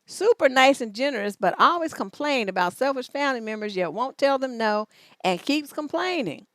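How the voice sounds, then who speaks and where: A woman's voice: high voice, lively intonation, moderate pace, fairly bright tone, no echo. A woman relationship coach on a livestream advice show, reading out letters and answering in a blunt, profane, scolding way.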